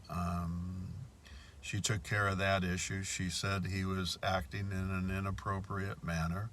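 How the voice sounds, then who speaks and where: A man's voice: sits low, a bit bright, slight background noise. A man telling a story in a casual monologue, indignant and repeating his points. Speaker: bank customer telling of a complaint.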